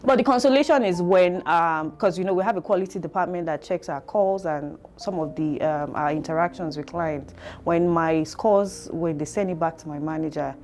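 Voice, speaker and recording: Nigerian woman, low-pitched reflective guest. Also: normal speed, darkish tone. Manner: reflective, filler-heavy storytelling. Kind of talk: conversational interview.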